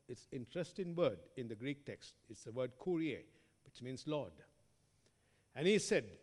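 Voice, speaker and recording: A man preaching a sermon who reads scripture aloud, asks the listeners rhetorical questions and calls them friends, with strong shifts between loud emphasis and quiet trailing words. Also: mid-range voice, very animated, normal speed. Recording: long hall reverb.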